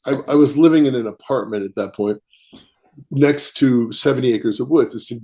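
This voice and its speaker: A man, a writer, telling a personal story as a podcast guest, animated and chuckling as he acts out quotes. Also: mid-range voice, brisk. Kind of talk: casual storytelling interview.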